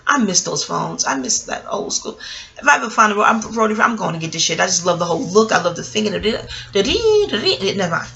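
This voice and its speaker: A middle-aged woman spins a story straight to camera in a casual, profane monologue. Her voice has a gravelly fry under a bright, forceful edge. She talks in an animated, wisecracking way. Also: on the low side, quick pace. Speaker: vlogger.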